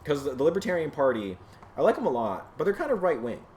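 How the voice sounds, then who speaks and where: A man hosting his own show, delivering a heated, profane rant to a camera, swinging from shouting to low muttering. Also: very animated, quick pace, a little hiss or hum. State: sweaty from exertion. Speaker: podcast host. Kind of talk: solo ranting commentary to camera. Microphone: camera mic.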